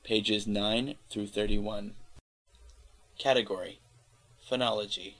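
A man reading an encyclopedia article aloud in a steady, careful way, spelling out letters where needed. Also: lowish voice, slow, low-quality recording. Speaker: volunteer reader of an encyclopedia article. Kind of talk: read-aloud article narration.

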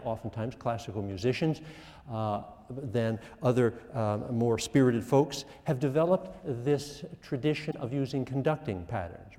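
Older male professor in an echoey hall. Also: mid-range voice. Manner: lively, self-mocking, asks the class questions. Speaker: music professor. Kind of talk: classroom lecture. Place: lecture hall.

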